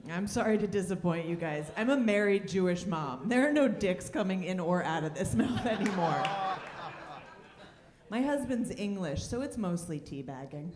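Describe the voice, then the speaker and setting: Woman stand-up, sardonic and dry, animated swings in pitch, roomy club room sound. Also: moderate pace, noisy background. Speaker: stand-up comedian. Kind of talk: stand-up comedy set. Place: comedy club stage.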